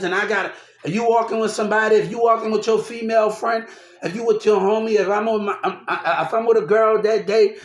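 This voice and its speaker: A young man rambling through a personal story, repeating himself and restarting often. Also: high-pitched. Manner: repetitive, restarts often, animated. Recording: roomy echo.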